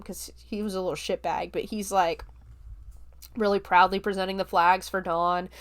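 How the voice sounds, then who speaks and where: A young woman podcast host casually recapping and reviewing a film, chatty and full of filler words, swearing now and then. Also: medium pitch. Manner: chatty, heavy use of "like", relaxed swearing.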